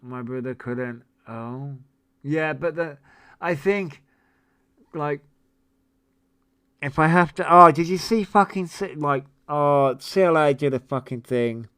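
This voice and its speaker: A man in his forties hosts a relaxed livestream, answering viewer comments as he rambles. His voice is smooth and clean, and he takes his time between swear-laden, disbelieving asides. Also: on the high side, takes it slowly, pauses often. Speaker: livestream host. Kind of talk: casual livestream chat reading viewer comments.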